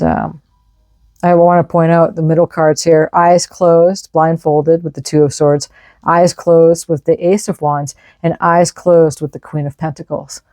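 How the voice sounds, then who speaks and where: A woman's voice: deep voice, darkish tone, dry recording. A woman giving an enthusiastic, casual tarot reading, reading out card messages and explaining them. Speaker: tarot reader.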